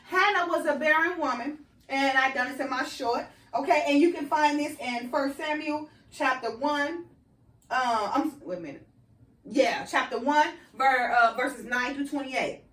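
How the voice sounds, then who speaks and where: A woman preaches an informal sermon in a high voice, conversational and full of "right?" and "you know". The room is echoey and she sits some way back from the microphone. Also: a bit bright, far from the mic.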